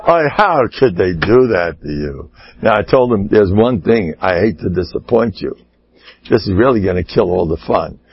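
Man, husky, lively storyteller, muffled lo-fi sound. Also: medium pitch. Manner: animated, laughs at own stories, mimics people with rising voice. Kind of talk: humorous storytelling talk.

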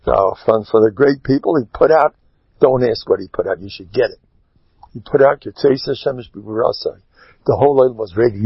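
A man speaking as a rabbi in an animated Torah talk, emphatic, swinging between loud exclamations and low asides. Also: vocal fry, slightly rough, no room sound, muffled recording.

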